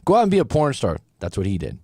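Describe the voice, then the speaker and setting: A man's voice: mid-range voice, fast, husky, no echo, clean studio sound. Casual male relationship coach. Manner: casual, animated, frequent "right?" and quoted asides. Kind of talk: reaction commentary on clips.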